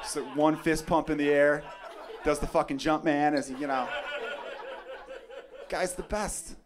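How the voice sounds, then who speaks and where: A man from Chicago works a live comedy club with a handheld mic, his voice sitting a little high for a man. He talks in a brash, profane way and jumps into excitable bits. Loud audience laughter rolls in under the live recording. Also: a little slow, a crowd in the background. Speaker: stand-up comedian. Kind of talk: stand-up comedy set. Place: comedy club stage before a live crowd.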